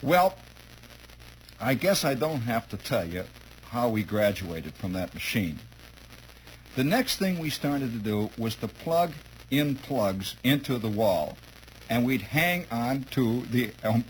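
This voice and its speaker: A man's voice: mid-range voice, takes it slowly, a little hiss or hum, poor audio. A man telling a humorous childhood story to listeners, chuckling often and acting out the scenes. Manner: chuckling, lively, acts out scenes.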